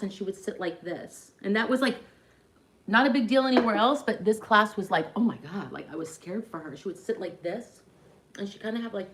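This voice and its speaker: A woman chatting casually on a livestream, telling a rambling story full of "like" fillers. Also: medium pitch.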